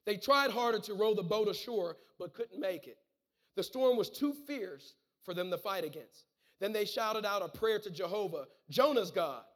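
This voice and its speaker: Fervent male preacher with a very high voice who peppers his sermon with amens and repeats words. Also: normal speed, fairly bright tone. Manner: fervent, punctuates with calls of amen and hallelujah; repeats words and restarts phrases. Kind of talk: sermon, reading and preaching scripture.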